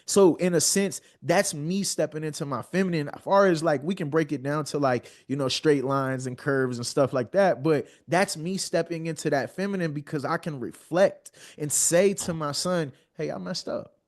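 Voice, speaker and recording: Speaking at a moderate pace with few pauses, a thirtyish man appearing as a podcast guest shares earnest, heartfelt stories. His voice sits on the high side, and he tends to repeat words while developing his point.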